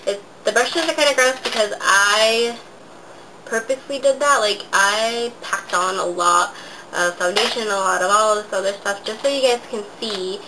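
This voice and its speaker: A woman's voice: medium pitch, normal speed. A young woman talks through a makeup tutorial in a loose, chatty way, full of fillers and asides. Her voice sounds nasal and blocked up from a lingering cold. A faint hiss of background noise sits under the recording. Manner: chatty, rambling, many "um" and "like" fillers. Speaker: beauty vlogger.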